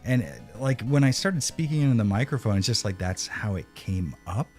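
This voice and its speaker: A man's voice: lowish voice, animated, fairly quick, soft background music. A man streaming a retro video game live, chatting casually with profane, sarcastic banter. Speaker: streamer playing a retro game and reading chat.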